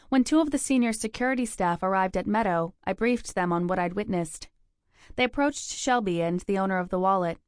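A woman reading a first-person story as an audiobook narrator, in a steady, measured voice. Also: medium pitch, no room sound, studio quality.

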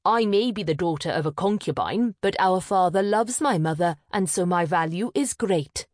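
A woman's voice: on the low side, animated, normal speed, a little mellow, no room sound, studio quality, natural voice. A woman voicing a proud, vain eldest sister who speaks sharply and impatiently.

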